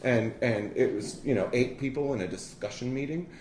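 A man's voice: medium pitch, normal speed. Blunt, profane man with an echoey voice. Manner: blunt, profane, self-mocking, animated. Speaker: storyteller. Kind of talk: personal recovery story told to an audience. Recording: echoey room with background noise.

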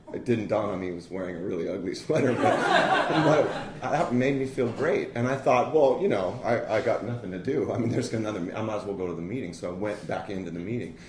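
A middle-aged man tells a raw personal story, blunt and profane, and mocks himself as he goes. His voice sits fairly low, and it echoes in a roomy space with steady noise behind it. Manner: blunt, profane, self-mocking, animated. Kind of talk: personal recovery story told to an audience. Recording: echoey room with background noise.

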